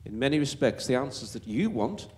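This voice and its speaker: A man's voice: mid-range voice, sing-song, a little fast, darkish tone. A middle-aged man with a Wolverhampton accent answering as a panelist, emphatic and stumbling into repeated words as he builds his point.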